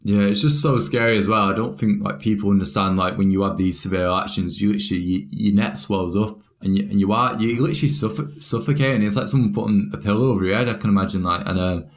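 A man's voice: lowish voice, fast talker, few pauses. A man interviewing a guest in casual chat, talking loosely and filling his speech with "like". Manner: relaxed, filler-heavy speech with lots of "like".

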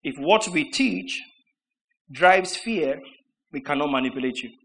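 A male preacher delivers a sermon in a high, wide-ranging voice. His tone is bright and forceful. He builds points through mocking repetition and rhetorical questions. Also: lively intonation, unhurried, gravelly, slight background noise, low-quality recording. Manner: swings between shouts and low asides.

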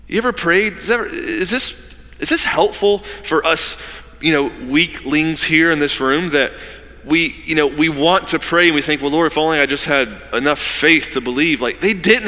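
A man preaching a sermon as pastor, telling the story with lively asides and acting out the people in it. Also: a little high, in a large hall. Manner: animated storytelling, acting out characters in quick asides.

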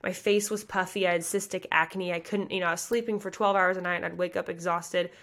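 A woman's voice: fairly low pitch, steady tone, fairly bright tone. Brief: woman, 30s, from the Midwest, podcast host, fervent motivational talk. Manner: passionate, fast, chatty with many likes and you guys. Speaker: pageant coach and podcast host.

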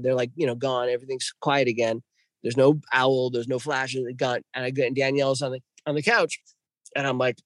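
A man guest telling a story in an excitable way, swinging between hushed and loud. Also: fairly high pitch, normal speed, no echo. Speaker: podcast guest. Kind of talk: animated storytelling.

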